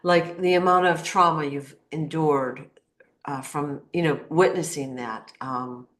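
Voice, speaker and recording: A woman with a notably low-pitched voice hosts a relaxed interview. She backs up her guest with frequent yeahs and talks viewers through what she shows. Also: a little slow. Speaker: interview host. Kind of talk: casual interview talk.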